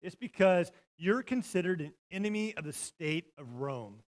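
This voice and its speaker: A middle-aged man preaching with a high-pitched voice. He tells stories from the pulpit, leaping from loud, shouted bursts down to hushed, almost whispered lines. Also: expressive, moderate pace. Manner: storytelling, swings from loud shouting to near-whispers. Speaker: pastor. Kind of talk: sermon.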